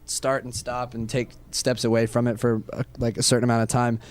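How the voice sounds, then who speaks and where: Smooth-voiced young man, relaxed band chat. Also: mid-range voice, brisk. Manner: laid-back, laughs often, jokes with bandmates. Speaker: band member interviewed. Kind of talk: casual backstage interview. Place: backstage at a music venue.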